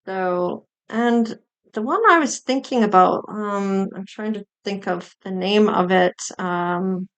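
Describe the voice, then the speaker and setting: A woman's voice: medium pitch, takes it slowly, a bit bright, smooth, highs cut off. A woman tarot reader musing aloud in an unscripted psychic reading, meandering with fillers and small giggles.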